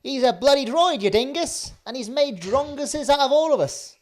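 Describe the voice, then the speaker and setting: A performer reading a crude Australian bogan with a put-on Australian accent in a live script read, loud and blustering. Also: high voice, expressive, moderate pace.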